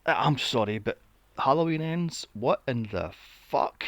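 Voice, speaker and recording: A man's voice: mid-range voice, lively intonation, unhurried, fairly bright tone, dry recording. A man hosting a podcast, ranting about films in a casual, exasperated and profane way. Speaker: podcast host. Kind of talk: casual film review rant.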